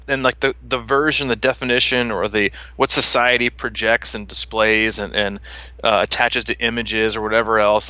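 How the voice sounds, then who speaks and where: Casual male podcast host, 30s, bright and animated, dry lo-fi mic. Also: medium pitch, no room sound. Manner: animated, laughing, lots of "like" fillers. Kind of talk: casual chat.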